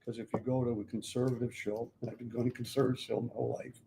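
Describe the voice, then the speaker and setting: A man in the audience of a class, sharing his view in a halting way and repeating his words. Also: medium pitch, flat delivery, creaky, background noise. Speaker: congregant. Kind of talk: casual remarks in a class.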